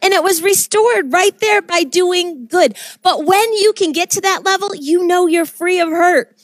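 A woman's voice: very high-pitched, unhurried, no echo. A woman minister preaching to young people in a fervent, exhorting way, mixing in stories.

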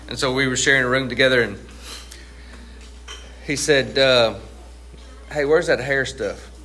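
A middle-aged man preaching a sermon as pastor. He is emphatic, asks the congregation questions and answers them himself, and draws out key phrases slowly for weight. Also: mid-range voice, pushed and bright.

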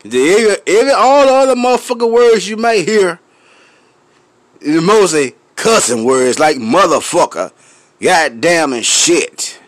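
A man with a Memphis accent ranting to his viewers, full of cursing, laughing and clearing his throat as he smokes. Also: sits high, lively intonation, a little slow, no echo. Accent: Memphis Southern US. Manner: loud, profane, laughing between lines; smoking, clears throat often. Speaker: vlogger. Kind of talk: profane rant to camera.

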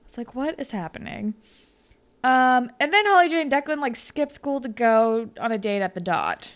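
A woman's voice: fairly high pitch, normal speed. A young woman co-hosting a podcast, chatting casually and acting out characters' lines. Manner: animated, lots of "like" and quoting characters. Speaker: podcast co-host. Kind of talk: casual recap chat.

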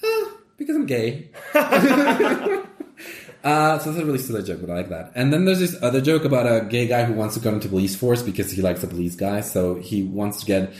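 A man with a mid pitch and lively, swooping intonation, chatting casually about comedy and slipping into playful voices for his jokes. The room is echoey and roomy. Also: fast, few pauses. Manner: animated storyteller, acts out joke voices. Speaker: comedian guest.

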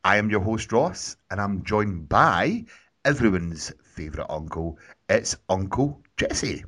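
A man hosting a gaming podcast, introducing his co-hosts in a relaxed, teasing way. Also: lowish voice, measured pace, husky. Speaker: podcast host. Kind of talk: casual podcast chat.

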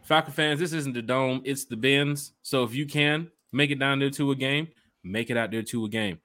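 A man's voice: mid-range voice, moderate pace, bright, forceful tone, dry recording. Hyped man hosting a fan podcast. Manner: hyped, slangy, talks straight to fans. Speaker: podcast host. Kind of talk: casual chat.

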